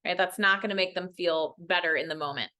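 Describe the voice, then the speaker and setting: Woman educator at a parent workshop; bright, earnest, animates quotes. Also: brisk. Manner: earnest, often ends points with "right?"; acts out quoted voices with big pitch jumps. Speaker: mental health educator. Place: workshop room.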